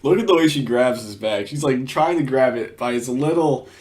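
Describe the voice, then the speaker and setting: A man's voice: mid-range voice, moderate pace, a little mellow. A man giving casual reaction commentary on a video, swearing freely, laughing often and restarting his sentences.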